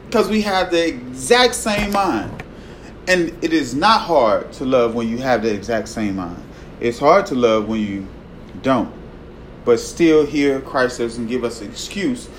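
A man preaching a sermon in a conversational way, often tagging his points with "right?" and swinging from loud emphasis to a hushed voice. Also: mid-range voice, lively intonation, measured pace, a little hiss or hum, rough recording. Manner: conversational, tags lines with "right?".

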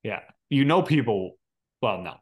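A man's voice: on the low side, lively intonation, measured pace, husky. A man co-hosting a casual podcast, reading trivia questions aloud and hesitating often with fillers. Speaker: podcast co-host.

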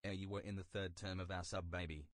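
A man puts on a mocking guy who speaks from way down low and barely lifts his voice. The words come out flat and mumbled, with almost no rise or fall. It sounds quiet and distant. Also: quick pace, lightly acted.

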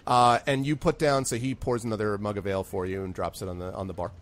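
A man's voice: lowish voice, quick pace. A man running an online tabletop game as game master. He narrates loosely and uses lots of fillers. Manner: relaxed and hesitant, with many fillers.

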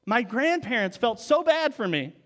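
A man in his forties preaching a sermon, telling stories and dropping to soft, low tones for emphasis. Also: sing-song, moderate pace. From Oklahoma, US. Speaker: pastor.

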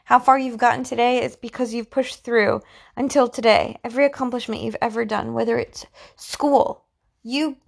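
A woman's voice: a little high, creaky. A middle-aged woman hosting a motivational podcast, talking to listeners in an encouraging, chatty way and often repeating herself. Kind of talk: motivational talk.

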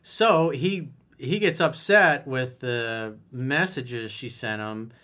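Guy coaching on dating, blunt and punchy, talks casual and emphatic, mid-pitched voice. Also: slow, sharp tone. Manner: emphatic, blunt, conversational, reads out listener messages. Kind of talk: solo advice monologue.

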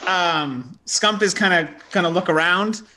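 A man's voice: high voice, unhurried, pushed and bright, slight background noise. A man playing a tabletop game, describing his character's actions in a rambling way. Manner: rambling, many fillers. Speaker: player.

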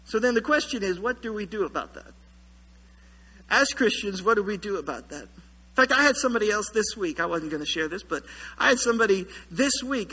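Guy preaching, super bright sharp voice, animated storytelling, church reverb. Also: sits high. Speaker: pastor. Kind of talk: sermon. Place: church sanctuary.

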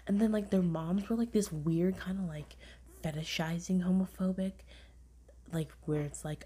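With a fairly low pitch and a breathy edge, a young woman hosts a podcast at normal speed. Her review chat is casual and rambling, heavy on "like," animated in its retelling, and often drops to a half-whisper.

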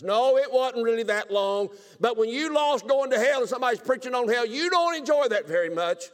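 A man in his seventies preaching a revival sermon, telling his own story and swinging from loud exclaiming to hushed, tearful telling. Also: mid-range voice, long reverb tail. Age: 70s. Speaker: pastor. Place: church sanctuary.

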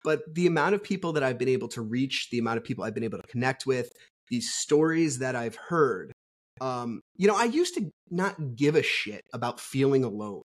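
A man speaks in a husky, somewhat breathy voice, easygoing and conversational. He is blunt and candid, swearing freely as he tells his story on a podcast. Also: mid-range voice, animated, brisk. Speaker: podcast guest. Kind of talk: casual conversational interview.

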